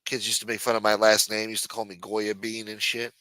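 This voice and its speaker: A man's voice: fairly low pitch, flat delivery, fairly quick, bright, forceful tone, no room sound. Profane, jokey livestream host man. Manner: loose, profane, jokey banter reading viewer chats. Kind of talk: casual profane livestream chat.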